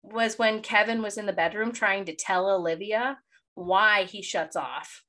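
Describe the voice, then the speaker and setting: A woman's voice: mid-range voice, unhurried, sharp tone. A young woman co-hosting a casual chat podcast, gushing and emotional, laughing often as she talks. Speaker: podcast co-host.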